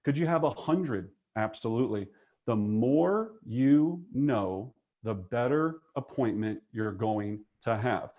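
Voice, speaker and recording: Male sales trainer, mid-pitch, emphatic and energetic, keeps checking in with the class. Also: slow pace, phone-quality sound. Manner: emphatic, energetic, frequent "okay?" and "right?" check-ins. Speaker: real estate trainer. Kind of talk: coaching lesson.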